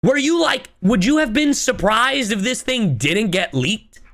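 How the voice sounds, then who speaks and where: A woman's voice: a little high, animated, measured pace, fairly bright tone. A young woman streaming live, ranting in exasperation with lots of swearing while she reads out and answers her chat. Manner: reads viewer chat and thanks subscribers.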